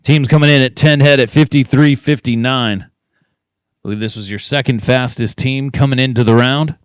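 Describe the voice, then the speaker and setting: A man's voice: mid-range voice, steady tone, normal speed, clear, resonant tone, no room sound, muffled recording. A man announcing a team penning competition, calling out teams, times and cattle numbers. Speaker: arena announcer. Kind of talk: live event announcing.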